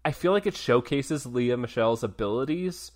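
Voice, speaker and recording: A man's voice: mid-range voice, normal speed. A man co-hosting a podcast, chatting casually and animatedly with lots of fillers. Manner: chatty, animated, filler-heavy with frequent likes. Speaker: podcast co-host. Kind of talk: casual chat reviewing a TV episode.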